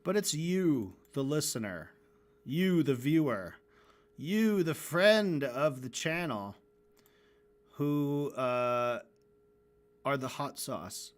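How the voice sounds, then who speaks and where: Working on animation during a livestream, this host talks slowly with lively intonation and frequent pauses, his voice medium-pitched. He keeps up casual chat, cracking jokes and cursing as he rambles along.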